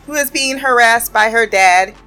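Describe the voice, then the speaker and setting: A woman's voice: on the high side, moderate pace, bright, forceful tone, faint music behind. A woman giving a casual, chatty recap of a cartoon episode, swearing freely and laughing often.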